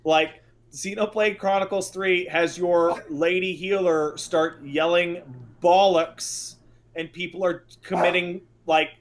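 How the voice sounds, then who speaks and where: A man co-hosting a podcast in casual chat, riffing with profane exasperation. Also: high-pitched. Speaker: podcast co-host.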